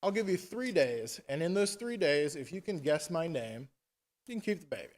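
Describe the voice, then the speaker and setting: A man's voice: a little high, very animated, normal speed, long reverb tail. A man voicing a scheming little male imp who bargains offhandedly. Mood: pleased, bargaining.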